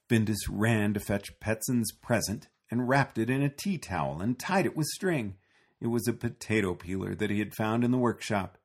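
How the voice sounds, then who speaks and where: A man reading a children's storybook aloud in a slow, gentle way. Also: lowish voice, expressive, husky. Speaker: narrator.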